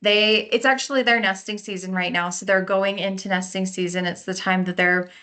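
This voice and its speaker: Fairly quick and steady in tone, this woman's mid-range voice sounds pushed and bright. As a park naturalist, she gives a friendly lecture on identifying birds by sound, occasionally mimicking their calls.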